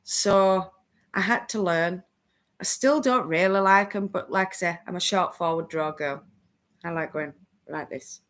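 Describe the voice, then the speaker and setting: A woman's voice: on the low side, a little slow, fairly bright tone. A woman hosting a casual crafting live stream, chatting with viewers and laughing often.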